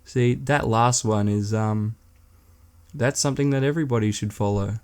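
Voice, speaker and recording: A man's voice: lowish voice, moderate pace, a little mellow, clean tone. A young man hosting a solo podcast, delivering an irreverent, sweary, mocking rant in casual talk. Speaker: podcast host.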